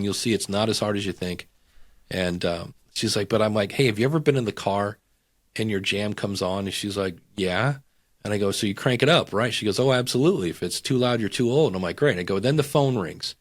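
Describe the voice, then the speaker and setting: Middle-aged male guest, casual and animated, a storyteller who slips into voices. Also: lowish voice. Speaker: podcast guest.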